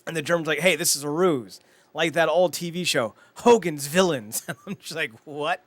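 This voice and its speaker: A man co-hosting a casual talk show, animated and swearing, acting out scenes as he recaps them. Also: on the high side, brisk, no echo. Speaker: podcast co-host.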